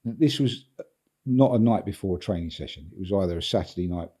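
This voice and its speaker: Older man telling a rambling anecdote, deep. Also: fairly quick, dark tone, breathy edge. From England. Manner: rambling, repeats words, chuckles through his story. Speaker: football agent, guest. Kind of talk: anecdotal storytelling in a podcast interview.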